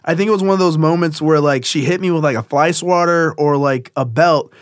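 A man's voice: fairly high pitch, fairly quick, smooth, no echo, clean studio sound. A man telling a personal story in casual conversation, rambling with many fillers and restarts.

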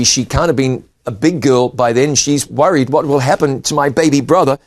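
Expressive male preacher. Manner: expressive Bible reading with shifting pitch and volume. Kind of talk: sermon.

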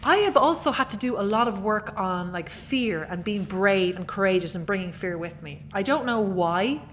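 A woman's voice: mid-range voice, lively intonation, normal speed, a little hiss or hum. A young woman hosting a podcast, talking casually and acting out her own inner voice with self-deprecating humor. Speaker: podcast host. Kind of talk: casual motivational monologue.

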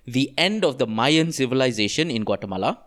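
Malaysian-accented male co-host, laid-back, laughs easily, lively animated delivery. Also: mid-range voice, brisk. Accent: Malaysian English. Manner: loose, easily laughing, drops in local slang. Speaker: podcast co-host. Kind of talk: casual chat, retelling a story.

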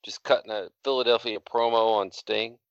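A man's voice: fairly low pitch, steady tone, normal speed, a bit bright, smooth, no room sound, lo-fi sound. Blunt, sarcastic podcast man. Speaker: podcast host. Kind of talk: casual chat.

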